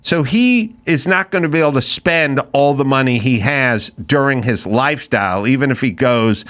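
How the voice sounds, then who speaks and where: A man's voice: medium pitch, animated, moderate pace, fairly bright tone. A man hosting a comedy podcast, telling stories animatedly and acting out quoted lines with plenty of swearing. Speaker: podcast host. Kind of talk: casual comedic chat.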